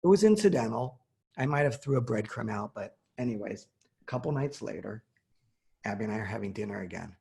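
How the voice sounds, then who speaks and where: A man's voice: on the low side, lively intonation, fairly quick, gravelly, darkish tone. A man in his forties telling a personal story in casual conversation, acting out the quoted dialogue.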